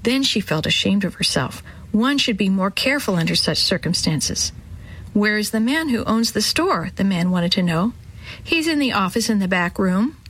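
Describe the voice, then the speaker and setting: A woman reading a children's story aloud in a gentle, measured way, ending with a moral. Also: medium pitch, lively intonation, breathy edge, poor audio.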